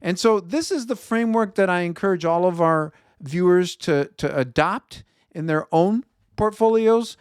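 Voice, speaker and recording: A Chicago-accented man from Chicago runs an investment show, chatting through market commentary, reading viewer feedback, and fixing his own slips as he talks. His high voice has a clean tone at normal speed, and the recording is dry with clean studio sound.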